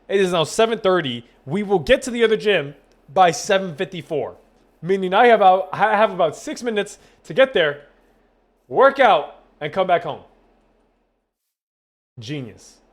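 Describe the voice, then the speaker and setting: A young man with a somewhat high-pitched voice tells his stream chat a long story from his home setup on a desk mic. He rambles and swears freely. He plays out every quoted line with animated energy. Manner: rambling, profane, animated retelling with quoted dialogue. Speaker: gaming streamer.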